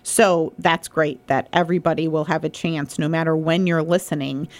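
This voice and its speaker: A woman hosts a local radio talk show in an easy, chatty way. Her voice sits a little low, and she sounds upbeat and grateful as she talks with her guest. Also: steady tone, moderate pace. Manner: chatty and enthusiastic, thanks people. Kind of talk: casual radio chat.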